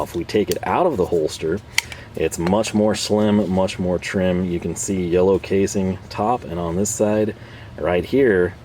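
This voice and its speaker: A North American man casually reviews tools for his channel, rambling, poking fun at himself, and chuckling often. His voice sits low and is a little mellow, with slight background noise.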